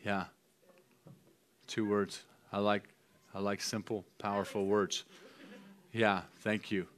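Man, low voice, casual pastor, informal preaching, halting restarts, church gathering. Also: level tone, a bit bright. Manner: conversational, halting restarts, light laughs. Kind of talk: informal charismatic preaching and prophecy.

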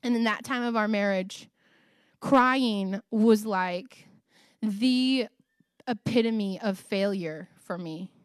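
A woman's voice: medium pitch, no echo, clean studio sound. A woman sharing a personal faith testimony in an emotional, earnest way, often repeating phrases for emphasis. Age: adult, married ten years.

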